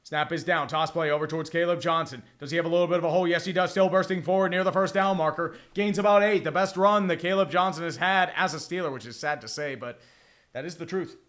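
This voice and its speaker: A man's voice: a little high, fast talker, fairly bright tone. A man streaming a football watch-along, chatting casually and profanely, with bursts of mock play-by-play calls. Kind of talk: casual live game commentary.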